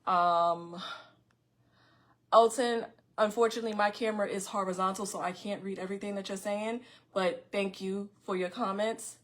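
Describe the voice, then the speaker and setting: A middle-aged woman talks straight to her viewers on a casual livestream podcast. Her words come fast and loud, and she often restarts her sentences. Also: medium pitch, fairly even intonation. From Far Rockaway, Queens, New York. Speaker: podcast host.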